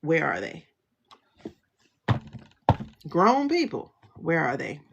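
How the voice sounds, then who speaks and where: A woman's voice: low-pitched, huge pitch swings, takes it slowly, gravelly, lo-fi sound, background noise. A woman livestream host, talking in a blunt, sassy rant and laughing often. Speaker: tarot reader and livestream host. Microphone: phone livestream.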